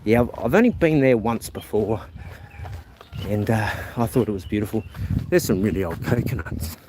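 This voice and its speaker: A man's voice: lowish voice, animated, normal speed. Rambling New man streaming outdoors. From New Zealand. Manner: rambling, chatty, reads viewer comments aloud. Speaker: live streamer. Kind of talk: casual walking live stream. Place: outdoors on a rural path. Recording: outdoor noise with passing vehicles. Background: outdoor ambience, animals, vehicles.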